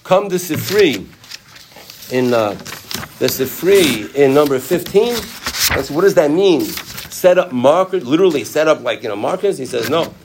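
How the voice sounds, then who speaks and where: A man's voice: a little high, lively intonation, normal speed, noisy background. A man teaching a Torah class in a conversational way, asking his listeners questions and often restarting his sentences. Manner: conversational, asks the audience questions; frequent restarts and "you know" asides. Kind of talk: Torah lecture.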